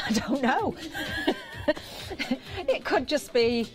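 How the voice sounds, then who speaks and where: A British woman presenting on a live TV shopping channel, chatty and giggly as she banters with the crew, her voice slightly hoarse. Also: high voice, huge pitch swings, extremely slow. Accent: British English. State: slightly hoarse, throat catching.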